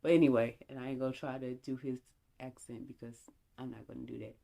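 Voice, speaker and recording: A young woman vlogger telling a casual, animated story and acting out bits of dialogue. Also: very deep voice, fast talker, gravelly. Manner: animated, chatty, acts out dialogue.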